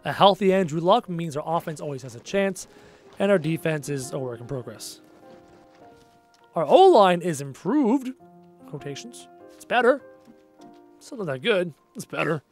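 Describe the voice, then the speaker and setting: A tired man hosting a gaming livestream, casually rambling and reading viewer comments aloud, his phrases often trailing off quietly. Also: fairly high pitch, very animated, moderate pace, faint music behind. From Canada. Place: home.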